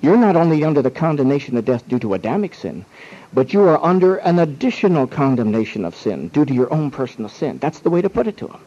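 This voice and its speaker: A man's voice: a little high, sing-song, quick pace, warm tone, lo-fi sound. A man teaching how to witness, emphatic and full of rhetorical questions, acting out the other side's objections. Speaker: Bible teacher.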